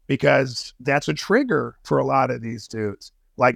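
This intelligence analyst, guesting on a podcast, chats casually with plenty of profanity, slang, filler words and restarts. He talks at an ordinary speed with a creaky, mid-range voice and hardly pauses. No echo can be heard.

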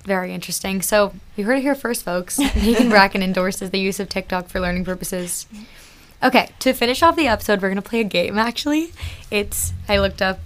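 A woman's voice: mid-range voice, fairly quick. A woman in her twenties hosting a casual podcast, breezy and joking. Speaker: podcast host.

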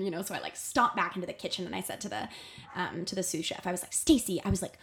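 A young adult woman, a podcast guest, telling a workplace story in a casual, animated way, full of fillers and acted-out quotes. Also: medium pitch, quick pace.

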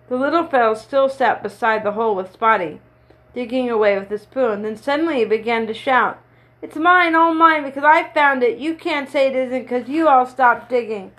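A woman with a fairly high voice reads a children's story aloud at an even storytelling pace. She lifts her voice slightly for the children's lines but stays herself throughout. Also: low-quality recording. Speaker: storybook reader.

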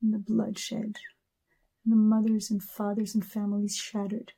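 A woman's voice: mid-range voice, completely flat delivery, moderate pace, gravelly, warm tone, breathy edge. A woman in her thirties giving an emotional personal testimony in a video message, talking with passion and stacking repeated words into rising lists.

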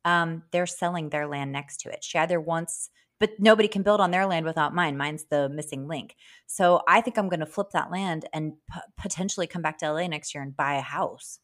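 Animated, swearing woman podcast host. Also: deep voice, brisk. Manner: animated, swearing, jumps between topics. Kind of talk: casual chat.

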